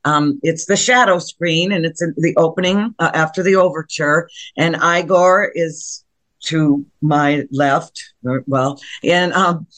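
A woman, a stage actress, answering interview questions over a video call in a halting but enthusiastic way. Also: deep voice, a bit bright.

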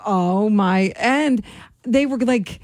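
A woman's voice: mid-range voice, slow, a little mellow, no room sound, clean studio sound. A woman co-hosting morning radio, reacting expressively and chatting along. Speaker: radio co-host.

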